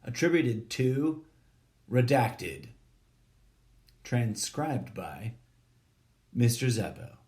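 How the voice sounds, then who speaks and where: A man reading a short story aloud in a deadpan, measured way, even speaking the punctuation and formatting. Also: mid-range voice, slight background noise.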